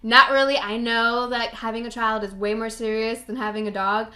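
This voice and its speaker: A woman's voice: on the high side, level tone, normal speed, sharp tone. A young woman hosting her own podcast, chatting casually in a bubbly, rambling way and laughing at herself. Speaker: podcast host. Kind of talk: casual solo podcast chat.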